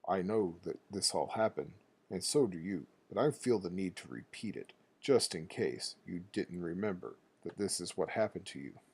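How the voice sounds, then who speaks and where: A man voicing a wise old male grandfather sage as he reads game dialogue aloud, speaking slowly and solemnly. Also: deep voice, expressive, slightly rough, voice pushed down, heavily acted. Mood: patient.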